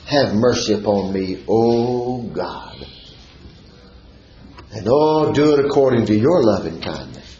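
A man with a voice on the low side preaches a sermon, reading scripture and expounding it verse by verse with fervent, sing-song exclamations. The church recording is dull and echoey, with a little hiss or hum.

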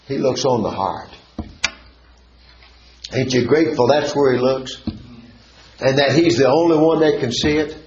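A man's voice: mid-range voice, measured pace, pauses often, darkish tone, lo-fi sound, slight background noise. Fervent preacher man, echoey church recording. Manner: fervent, sing-song rising exclamations; reads and expounds scripture verse by verse. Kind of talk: sermon.

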